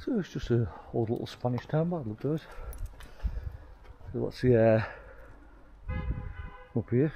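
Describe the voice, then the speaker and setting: A man's voice: mid-range voice, animated, moderate pace, creaky, pauses often, dull audio, noisy background. A man vlogging on foot through an old town outdoors, chatty with mild swearing, out of breath from the climb. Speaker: travel vlogger. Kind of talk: casual walking commentary.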